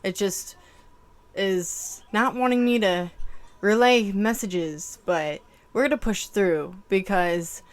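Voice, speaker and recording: A woman's voice: mid-range voice, slow pace. A woman giving a casual channeled tarot reading to camera, emotional and exclaiming, swearing casually. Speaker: tarot reader.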